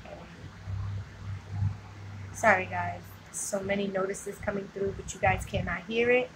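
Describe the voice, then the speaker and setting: A woman vlogger chats casually with viewers on a live stream, rambling, laughing often, and peppering her talk with "like" and "you know." Her voice is medium-pitched with fairly even intonation and a measured pace. She's recorded on a phone held at a distance, so there's noticeable background noise.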